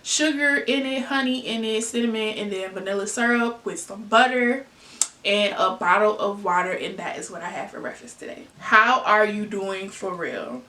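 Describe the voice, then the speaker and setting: A vlogger from the Southern US (Arkansas/Tennessee) chats casually in a get-to-know-me video, answering her own questions with fillers and asides. Her voice is medium-pitched and sharp at a moderate pace, recorded in an echoey room with the mic at a distance.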